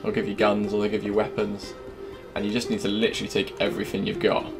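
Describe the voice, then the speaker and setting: Young man, gameplay commentator, low voice, heavy swearing, jumpy mutter-to-shout delivery, game music playing behind. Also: monotone, fast. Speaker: gamer.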